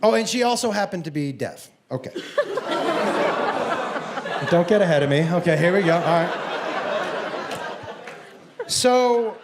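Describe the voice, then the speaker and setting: A man performing a stand-up comedy set, telling an animated story and acting out the people in it. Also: high-pitched, a little slow, long pauses, over a noisy crowd, heavy background noise.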